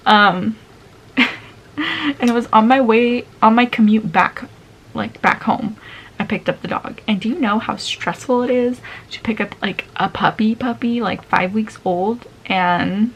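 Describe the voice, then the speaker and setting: A woman's voice: on the high side, slight background noise, rough recording. A woman in her twenties telling a story casually while getting ready at home. She talks chattily, laughs often and acts out the voices of people in her story. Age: 20s. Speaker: vlogger. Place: at home, indoors.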